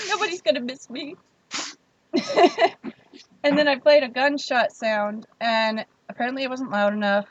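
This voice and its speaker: Animated woman telling a story on a stream. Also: a little high, a little hiss or hum. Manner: animated, wry, laughs between lines. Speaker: livestream host. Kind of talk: casual storytelling. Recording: dull lo-fi stream audio.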